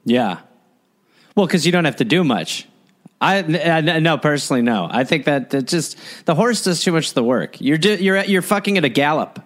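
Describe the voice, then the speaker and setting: A man co-hosting a comedic podcast, riffing with deadpan wisecracks. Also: fairly high pitch, normal speed. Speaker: podcast co-host.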